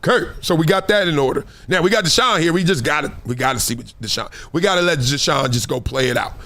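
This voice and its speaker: A man hosting a sports talk show, talking in an animated, slangy monologue and acting out what other people say. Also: a little high, quick pace.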